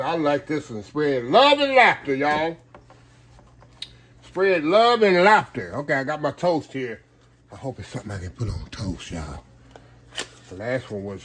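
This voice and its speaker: A man's voice: medium pitch, fairly bright tone. A man hosting a casual home cooking vlog, folksy and chatty, calling his viewers y'all. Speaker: cooking vlogger.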